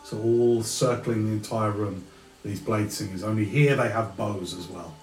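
A man narrating a tabletop game as game master, slow and descriptive, sometimes stopping to find a word. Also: lowish voice, steady tone, reverberant, faint music behind, poor audio.

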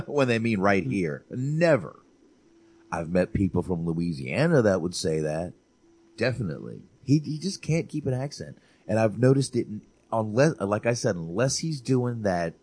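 A man co-hosting a casual movie chat, animated, swearing and repeating himself for emphasis. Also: on the low side, normal speed. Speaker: podcast co-host.

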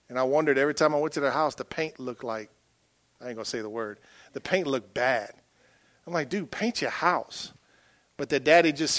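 A middle-aged pastor preaching a sermon, folksy, moving from quiet asides to loud rousing calls. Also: male voice, mid-range voice, no room sound.

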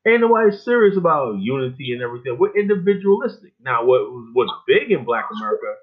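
Older man, virginia, talk host, casual, profane, rambling, mid pitch, phone-line sound. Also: sing-song, fast talker. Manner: blunt, profane, rambling with many fillers. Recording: phone-like narrow band.

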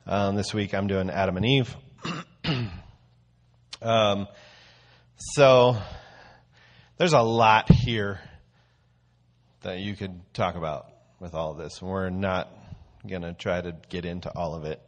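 Leading a casual church talk, a man with a somewhat low voice speaks slowly, leaving long pauses. His manner is loose and conversational, and he eases into his teaching through a story.

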